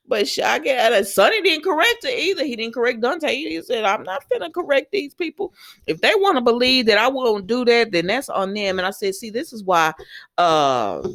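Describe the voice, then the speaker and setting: A woman's voice: on the high side, big pitch swings, moderate pace, a bit bright. A woman casually recapping a soap opera, retelling scenes in quoted dialogue with chatty asides. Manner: laughs and exclaims at the characters.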